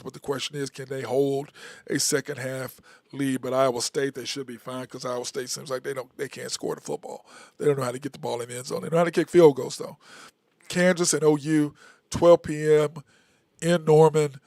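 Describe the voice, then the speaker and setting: Man with a flat, even delivery. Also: medium pitch, dry recording. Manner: rambling, repeats himself; casual, conversational. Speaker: host. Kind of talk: solo live-stream sports talk.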